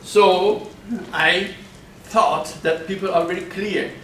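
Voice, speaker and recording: A middle-aged man teaching a university class, speaking deliberately and stressing key words. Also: high-pitched, steady tone, a bit bright, slight background noise. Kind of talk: classroom lecture. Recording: echoey room, voice far from mic.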